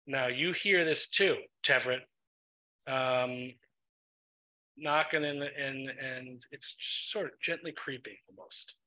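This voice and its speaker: A man narrating a tabletop game as game master, relaxed and full of ums. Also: medium pitch, slow, rough recording. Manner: relaxed, filler-heavy narration with many ums.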